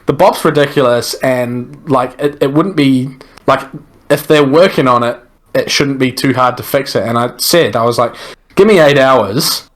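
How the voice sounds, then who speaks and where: A man co-hosting a podcast, giving relaxed, confident opinions in casual chat. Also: mid-range voice, normal speed. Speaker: podcast co-host.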